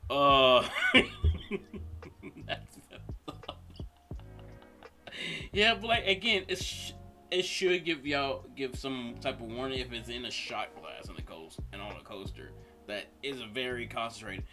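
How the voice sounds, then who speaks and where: Male reaction host, slow laid-back talk, bright voice, laughs a lot, faint music. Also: medium pitch. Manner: laughing, drawn-out casual commentary. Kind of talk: casual reaction commentary.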